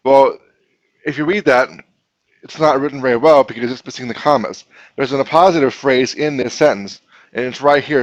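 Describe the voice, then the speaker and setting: A man's voice: medium pitch, normal speed, no room sound. Male teacher, classroom grammar lesson, patient and questioning, dry slightly muffled sound. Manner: patient, explains step by step, asks the class questions.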